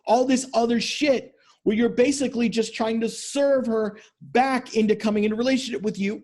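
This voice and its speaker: A man's voice: high voice, a little mellow. Blunt, cursing man coaching. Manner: blunt and profane, with emphatic repetition. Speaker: relationship coach. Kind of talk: motivational monologue to men.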